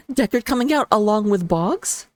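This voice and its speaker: A woman casting a live esports match, talking rapidly and excitably with a playful, jokey manner. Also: medium pitch, dry recording, clean studio sound. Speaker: esports caster. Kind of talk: live game commentary on a stream.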